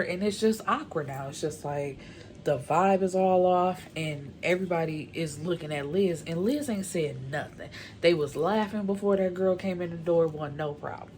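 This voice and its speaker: Low-voiced woman recapping a movie casually. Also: darkish tone, a little hiss or hum. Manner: chatty, slangy, frequent "you know" and "like"; opinionated, exasperated commentary. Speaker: movie reviewer.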